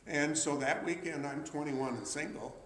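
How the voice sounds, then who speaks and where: An older man in his sixties tells chatty, rambling stories to a live audience. His voice sits a little on the high side for a man. The talk is picked up in a roomy, echoing hall with a faint hiss underneath. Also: moderate pace. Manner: chatty, rambling storyteller with frequent restarts and uh's. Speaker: memorabilia collector giving a talk. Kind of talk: anecdotal storytelling talk to an audience.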